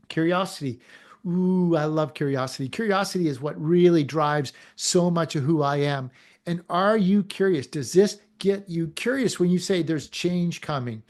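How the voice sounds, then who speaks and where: A man with a fairly high speaking voice delivers a motivational talk to an online audience. He is animated and theatrical, firing rhetorical questions and acting out short quotes in between. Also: a little slow. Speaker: motivational speaker and show host.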